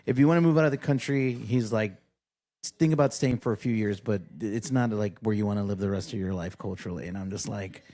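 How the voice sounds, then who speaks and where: A man's voice: lowish voice, fast, warm tone. A man hosting a podcast in casual chat, rambling and joking crudely. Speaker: podcast host.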